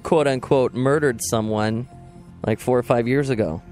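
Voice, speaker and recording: A man's voice: medium pitch, normal speed, darkish tone, faint music behind. A man co-hosting a radio show, reading news items with dry, brief remarks. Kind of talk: casual banter on a radio show.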